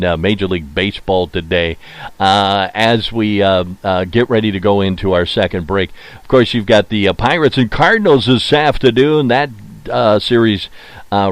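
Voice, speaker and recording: A man hosting a solo sports podcast, opinionated and chatty, repeating his points and filling pauses with "uh.". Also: on the low side, no room sound. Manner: opinionated, mocks teams in put-on quoted voices; frequent filler "uh" and repeated phrases. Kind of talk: casual solo sports talk.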